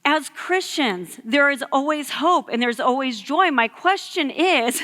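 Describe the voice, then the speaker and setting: Woman in her thirties, youth sermon, chatty storyteller, high bright voice, echoey hall. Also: expressive, a little slow, few pauses. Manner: storytelling, conversational with many fillers. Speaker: youth ministry speaker. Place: church hall.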